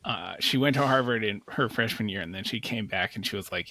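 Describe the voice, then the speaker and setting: A man's voice: on the low side, fairly quick, sharp tone, dry recording. A man co-hosting a podcast, telling an anecdote in casual chat and laughing between phrases. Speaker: podcast co-host.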